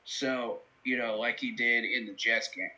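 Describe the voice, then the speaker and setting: A man's voice: medium pitch, steady tone, unhurried, bright, forceful tone, low-quality recording. A man hosting a live football reaction stream, talking through the game in an earnest, analytical way with many fillers. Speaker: host.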